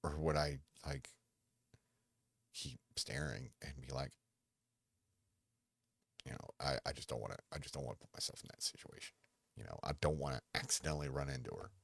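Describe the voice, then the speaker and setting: A man's voice: rumbling low, moderate pace, gravelly, long pauses, fairly bright tone, breathy edge, no room sound. A man hosting a podcast, chatting casually on his own in a rambling, self-interrupting way with dry humor. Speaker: podcast host. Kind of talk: casual solo chat.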